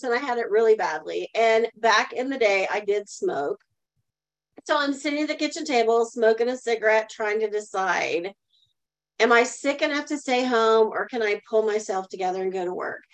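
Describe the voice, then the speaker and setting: A woman's voice: fairly high pitch, poor audio. A middle-aged woman telling a personal story as a guest in a live online talk, earnestly, and asking the audience to answer in the chat. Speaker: guest speaker.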